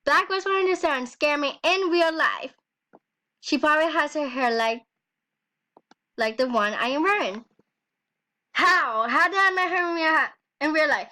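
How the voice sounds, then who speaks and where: A woman's voice: high voice, unhurried, long pauses, bright, forceful tone. A teenage girl ranting angrily in a vlog, swearing and breaking into nervous laughs. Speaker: vlogger. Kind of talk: angry rant vlog.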